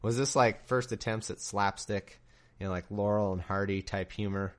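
A man's voice: lowish voice, steady tone, moderate pace. A young man reading scripture aloud and breaking off into sarcastic, incredulous, rambling commentary.

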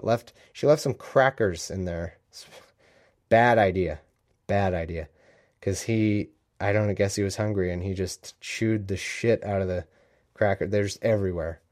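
A man's voice: lowish voice, a little mellow. Rambling, joking man hosting a podcast. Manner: rambling, joking, self-interrupting. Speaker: podcast host. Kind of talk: casual livestream chat. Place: home room.

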